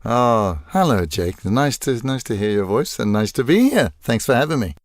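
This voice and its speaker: A man's voice: mid-range voice, moderate pace, no room sound, clean studio sound. A man in his sixties from South Africa, a voice actor telling wry anecdotes as an interview guest. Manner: animated, wry, tells anecdotes with playful asides. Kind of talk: casual interview storytelling.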